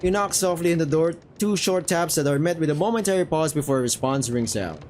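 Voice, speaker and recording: A man's voice: a little high, expressive, a little mellow, a little hiss or hum, poor audio. Man casually reading a story game aloud. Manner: casual, quick asides and swearing between narration. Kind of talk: narrating and reacting to a story game.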